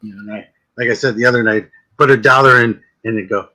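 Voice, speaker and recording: Male guest, casual joking storyteller, bright forward voice. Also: mid-range voice, steady tone, low-quality recording. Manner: joking storyteller, quick asides. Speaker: guest psychic medium. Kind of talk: casual chat.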